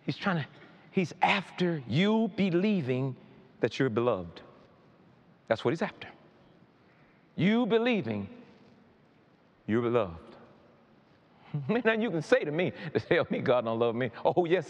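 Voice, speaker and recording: A man preaching a sermon, emphatic and repetitive, building up to shouts. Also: a little high, very animated, unhurried, long pauses, lo-fi sound. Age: adult.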